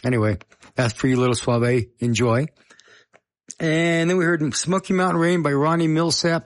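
A middle-aged man hosting a radio show, chatting casually between songs with rambling, self-deprecating asides. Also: medium pitch.

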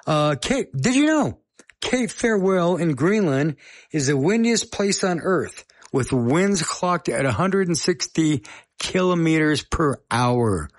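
A man's voice: on the high side, animated, takes it slowly. A middle-aged man hosting a radio show, chatting casually between songs with rambling, self-deprecating asides.

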